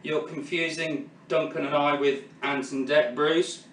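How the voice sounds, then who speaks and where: A posh, easily irritated business mogul , as a man impersonates him, speaking in a dry, put-upon tone. His voice sits on the low side and his delivery is slow. The sound carries from far away with a roomy echo. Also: steady tone, fairly bright tone. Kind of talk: comedy sketch impression.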